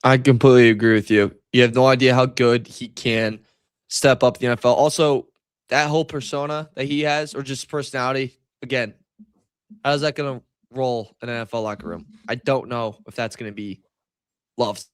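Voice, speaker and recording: A man's voice: medium pitch, steady tone, a little fast, clean tone, no room sound, studio quality. A man co-hosting a sports podcast, joking and bantering playfully. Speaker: podcast co-host. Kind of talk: casual sports podcast chat.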